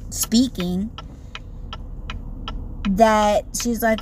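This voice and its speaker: A woman's voice: medium pitch, fairly even intonation, very slow, long pauses. A woman podcast host telling a story in a loose, rambling way with lots of fillers and sighs, recorded inside a car. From Native American, Hopi. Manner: rambling, frequent "like" and "you know", sighs. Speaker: podcast host and rideshare driver. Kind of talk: casual storytelling monologue. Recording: loud car road noise. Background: loud car and road noise.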